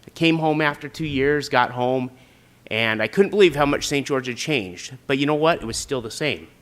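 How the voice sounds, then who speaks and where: A man's voice: medium pitch, moderate pace, fairly bright tone. Earnest man giving a prepared speech. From Utah, USA. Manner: earnest, with frequent filler sounds. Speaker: applicant for a city council seat.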